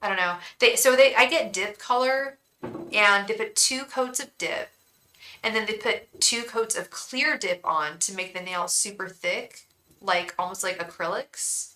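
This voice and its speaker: A woman's voice: mid-range voice, unhurried, bright, forceful tone, slight background noise, rough recording. A woman tarot reader chatting casually on a livestream, rambling and talking straight to her viewers.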